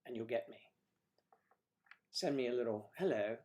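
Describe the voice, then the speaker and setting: On a casual livestream, a host from the northern US reads out viewer comments and responds with chatter and jokes. He has a warm, mid-range voice at a normal speed.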